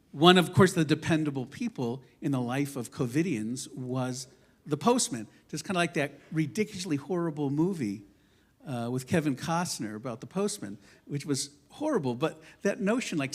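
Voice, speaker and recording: Male rabbi, sermon in a synagogue; emphatic, wide-ranging delivery, wry storytelling. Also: on the high side. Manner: impassioned, emphatic, swinging between loud declarations and quiet asides; conversational storytelling with self-deprecating humor. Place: synagogue sanctuary.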